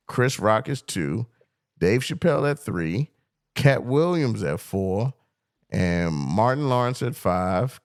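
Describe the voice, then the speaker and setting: Male podcast co-host, animated and argumentative, gravelly voice with a wide pitch swing, dry sound. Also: no echo. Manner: animated, argumentative, quotes others in put-on voices. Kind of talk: casual debate chat.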